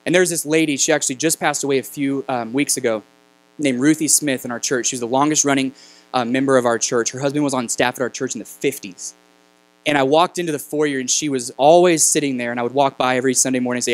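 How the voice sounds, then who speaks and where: A man in his thirties preaching as a guest speaker, telling a personal story in a halting, conversational way that turns emotional. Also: mid-range voice, fairly even intonation, low-quality recording. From New Mexico. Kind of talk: storytelling sermon. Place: church sanctuary.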